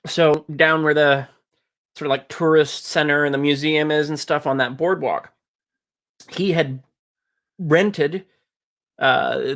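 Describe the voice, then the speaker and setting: Canadian guy, kinda high voice, rambling story w lots of uhs and likes. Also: vocal fry. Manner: rambling, laid-back anecdote telling with frequent fillers. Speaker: guest musician. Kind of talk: casual storytelling chat.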